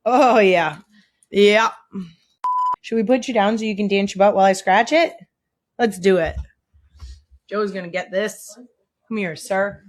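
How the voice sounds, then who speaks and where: A young woman hosting a podcast, talking in a gushing, excitable way and slipping into hushed whispers when she coos. Her voice sits at an ordinary pitch for a woman. It is recorded dry and close, with no room sound. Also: measured pace, long pauses, no room sound. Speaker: podcast host. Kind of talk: casual chat. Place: indoor studio.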